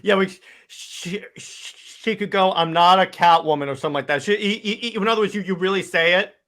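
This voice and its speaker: A man co-hosting a podcast in casual chat, talking excitedly with many stammered restarts. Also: sits high, a little fast. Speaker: podcast co-host.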